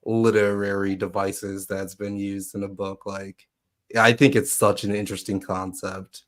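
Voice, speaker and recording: A man co-hosting a podcast, musing with pauses and fillers. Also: on the low side, flat delivery. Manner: thoughtful, hesitant with fillers. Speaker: podcast co-host. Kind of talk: casual chat.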